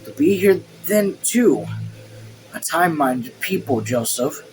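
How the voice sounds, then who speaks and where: A man reading aloud the lines of a simple, kindly old bearded doctor, musing slowly. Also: on the high side, lively intonation, music in the background, poor audio.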